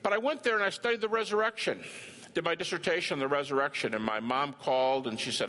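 A man's voice: on the high side, fast, pushed and bright. An older man preaching a sermon, emphatic and dramatic, telling a personal story and acting out dialogue. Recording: reverberant hall with faint ambience.

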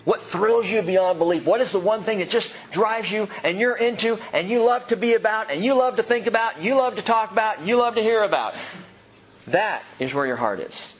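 A man's voice: sits high, animated, a little fast, highs cut off, a little hiss or hum. A man preaching a sermon, earnest and emphatic, asking his listeners question after question. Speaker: pastor.

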